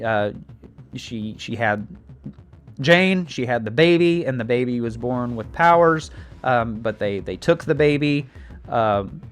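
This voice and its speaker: A man telling a show's plot in a casual recap, animated, with many fillers and restarts, acting out the scenes. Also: medium pitch, clean tone. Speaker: show recap host.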